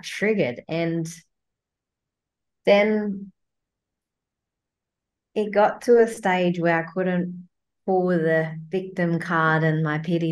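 Blunt, swearing woman. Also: lowish voice. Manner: blunt, swears freely, acts out her inner voice. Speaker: guest, coach. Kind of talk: casual podcast chat.

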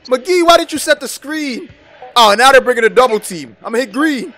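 A man's voice: very high voice, lively intonation, brisk, bright, forceful tone. Hyped young man calling his own game. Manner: hyped, exclaiming, trash-talking. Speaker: gaming YouTuber. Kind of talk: excited gameplay commentary. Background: background music.

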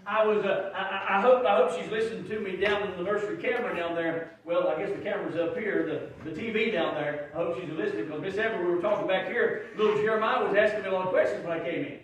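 High-voiced pastor in echoey church. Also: male voice, fast talker, few pauses, slight background noise. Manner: folksy, builds to shouted emphasis. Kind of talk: sermon. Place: church sanctuary. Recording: very echoey room, from far off.

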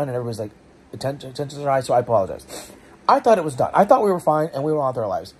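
Husky-voiced man venting, congested. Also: medium pitch, big pitch swings, rapid-fire. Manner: frustrated, rambling, self-questioning, many restarts and fillers. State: congested from allergies. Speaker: vlogger. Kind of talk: casual storytelling to camera.

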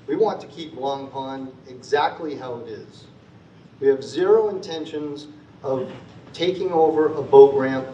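In a school auditorium, a man with a warm, mid-range voice gives a heartfelt prepared presentation to a town meeting, speaking a little slowly. Earnest, he repeats rallying phrases and at times chokes up, captured in a roomy, distant, dull recording with a little hiss or hum.

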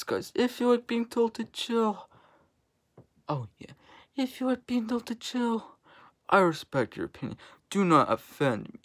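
A young woman venting in a vlog, annoyed and ranting, with frequent swearing. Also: mid-range voice. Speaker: vlogger.

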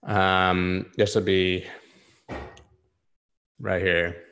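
A man with a low, gravelly voice that has a bright edge hosts a casual live stream of chart analysis. He talks loosely and rambles, with lots of "like" and easy swearing. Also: little pitch movement, extremely slow. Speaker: host.

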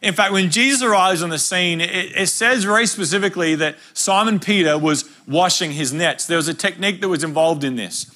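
An Australian pastor in his younger years preaches with a bright, forceful voice. He tells stories casually and with humour, then presses his point home. The voice sits a little high for a man. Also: a little fast, hardly any pauses. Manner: conversational, humorous storytelling preaching. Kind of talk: sermon.

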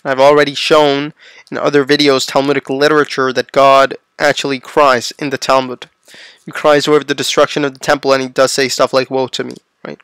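A man's voice: medium pitch, little pitch movement, a little fast, fairly bright tone, smooth, dry recording. A man reading a religious text aloud and explaining it in plain asides, checking in with the listener as he goes. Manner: reads passages aloud, then adds plain explanatory asides; checks in with the listener using "right?" and "okay?". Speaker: religious lecturer.

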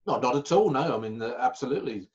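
Man, storytelling guest, halting, self-correcting, dull lo-fi call audio. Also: mid-range voice, animated, darkish tone. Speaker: magician guest. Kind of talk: anecdotal interview chat.

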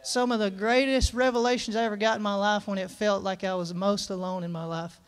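Male preacher with a high, clear voice; folksy, earnest sermon delivery. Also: steady tone, a little fast. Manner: folksy, earnest, reads scripture aloud with emphasis. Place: church service.

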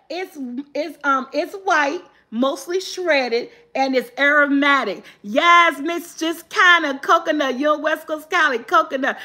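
A woman hosting a live guessing game, reading clues slowly and cheering loudly when viewers answer right. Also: high voice. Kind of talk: casual live-stream chat.

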